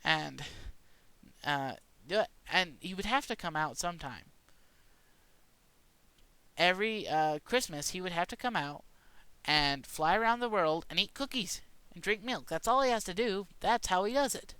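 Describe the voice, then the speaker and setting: A man's voice: high voice, expressive, moderate pace, bright, forceful tone, smooth, dry recording. A man rambling through a mock-serious conspiracy rant in a casual monologue, stumbling and restarting often. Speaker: vlogger.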